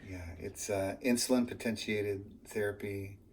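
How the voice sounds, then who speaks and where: A man explaining a medical plan at home, halting and matter-of-fact with many fillers. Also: on the low side, steady tone, darkish tone. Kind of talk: casual explanation. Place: home, indoors. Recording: noisy home recording.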